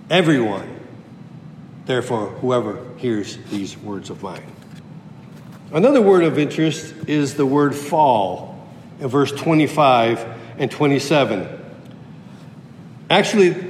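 Pastor, male, teaching sermon, explains the Greek, slightly raised pitch, roomy echo in a church. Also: slight background noise. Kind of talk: expository sermon. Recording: echoey hall with long reverb.

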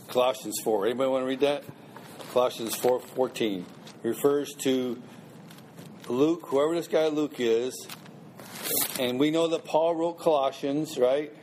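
A man's voice: a little high, darkish tone, a little hiss or hum. Man teaching a Bible class. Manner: conversational, asks the class questions, emphatic repetition.

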